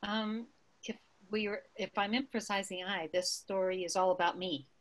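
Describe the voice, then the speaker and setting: A woman's voice: medium pitch, fairly even intonation, normal speed. A woman taking part in an online singing workshop, answering the coach thoughtfully and plainly. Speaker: workshop participant. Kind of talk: answering in a class.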